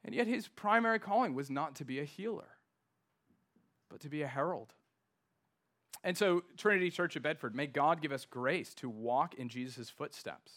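A man preaching a sermon as pastor, emphatic, slowing down to stress key words. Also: a little high, expressive, a bit bright.

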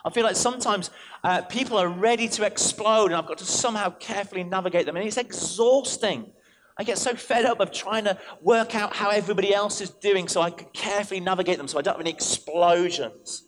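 A man, a vicar, preaching an animated sermon in church, telling stories and switching in and out of quoted voices. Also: high voice, brisk, slight background noise.

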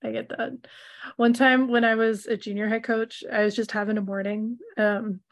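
Woman, podcast co-host, casual chat, upbeat storyteller, laughs often, higher pitch. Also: flat delivery, normal speed.

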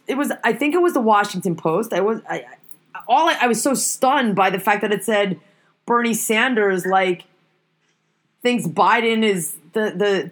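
A woman's voice: medium pitch, fairly bright tone. A woman in a casual, profane conversation, telling stories and ranting animatedly. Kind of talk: casual chat.

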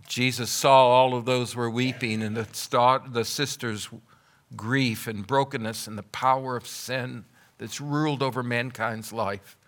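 A man with a bright, forceful voice preaches a sermon. He builds phrase on phrase in rhythmic repetition and rises to loud, emphatic declarations. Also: medium pitch, steady tone, measured pace. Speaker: pastor.

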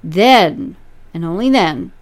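A woman's voice: lowish voice, animated, slow. A woman hosting as a relationship coach, advising a listener emphatically and explaining through analogies.

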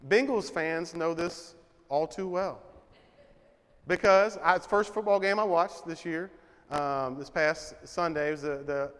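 A man's voice: fairly high pitch, measured pace, a bit bright, clean tone. A man preaching a sermon as a pastor, with an emphatic, conversational style full of rhetorical questions. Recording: reverberant hall.

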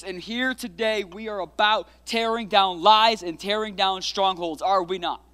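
A man in his thirties praying and then preaching a lively, playful sermon that builds into shouted declarations, as a pastor in a large church. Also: high-pitched, moderate pace, few pauses, clear, resonant tone. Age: 30s. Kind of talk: prayer and energetic sermon. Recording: long reverb of a large hall.

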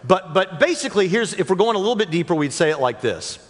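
A man's voice: high-pitched, sing-song, fast. A man giving a talk to a live church audience from the stage, joking with the crowd and speaking directly to them. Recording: long reverb of a large hall.

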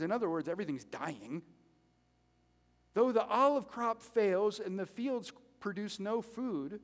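A man preaching a sermon as pastor, animated and conversational, joking with the congregation between points. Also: high-pitched. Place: church sanctuary. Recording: reverberant hall.

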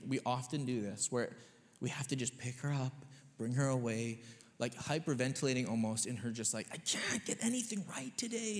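Emphatic male pastor in a reverberant church. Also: medium pitch. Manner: conversational and emphatic, often checking in with the audience. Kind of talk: sermon. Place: church sanctuary. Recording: long reverb of a church hall.

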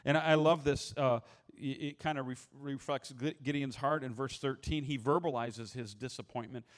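A man's voice: mid-range voice, fairly even intonation, normal speed. A man preaching a sermon in a conversational, humorous way, often restarting his words. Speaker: pastor.

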